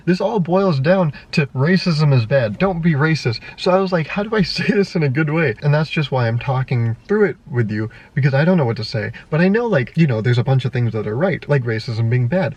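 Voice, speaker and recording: Young guy ranting on his vlog, kinda husky, swears a lot, all over the place. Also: a little high, a little mellow, lo-fi sound. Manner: rambling, exasperated, laughs often and swears freely. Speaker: vlogger. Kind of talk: casual unscripted monologue to camera.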